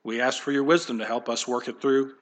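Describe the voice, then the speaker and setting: A pastor leading a closing prayer in a quiet, hushed voice. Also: male voice, medium pitch, steady tone, fairly quick.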